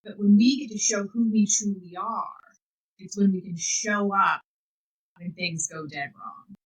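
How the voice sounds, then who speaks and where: A woman hosting a podcast as a life coach, giving an energetic, enthusiastic motivational talk. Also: medium pitch, unhurried, slightly rough, low-quality recording. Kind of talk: motivational monologue.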